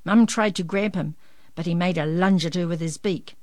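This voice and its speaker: A woman reading a children's picture book aloud in an expressive, lively storytelling manner. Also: lowish voice, normal speed, no echo.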